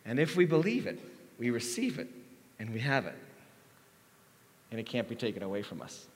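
A man's voice: mid-range voice, big pitch swings, moderate pace, long reverb tail, slight background noise. A man preaching a sermon as lead pastor, acting out quoted voices and leading the congregation in call-and-response.

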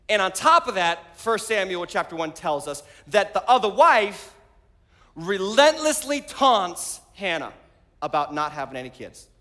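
A man preaching a sermon as pastor, animated and rising to shouts. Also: high-pitched. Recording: long hall reverb.

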